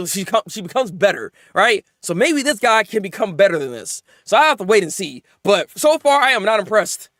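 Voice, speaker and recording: A man excitedly recapping anime episodes in casual chat, laughing often and acting out characters' lines. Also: sits high, no room sound, clean studio sound. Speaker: anime reviewer.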